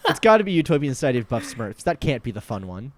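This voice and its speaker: A man's voice: mid-range voice, very animated, quick pace, dry recording. A man casually playing a video game with a friend, laughing often and reading game text aloud. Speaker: game streamer.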